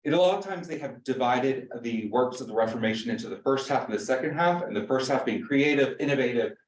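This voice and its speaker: A man's voice: medium pitch, fast. Chatty man in a roomy hall. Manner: joking, chatty, quizzes the audience. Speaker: pastor teaching an adult class. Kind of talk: informal church class lecture. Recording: roomy room, mic at a distance.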